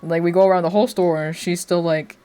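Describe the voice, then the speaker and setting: A man's voice: high-pitched, flat delivery, fast, warm tone, smooth. Rambling young man telling a story. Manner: rambling, filler-heavy, laughs often. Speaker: streamer. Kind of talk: casual storytelling chat. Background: faint music.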